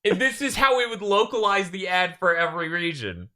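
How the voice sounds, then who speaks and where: Man, podcast host, casual chat, bright voice, lively animated pitch. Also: a little fast. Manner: animated storyteller, swears casually.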